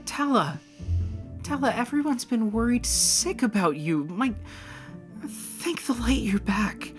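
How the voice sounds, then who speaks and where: A woman voicing a gentle, bookish father on a sheep farm in a tabletop game. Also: on the high side, slow pace, faint music behind, voice pushed up. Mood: relieved.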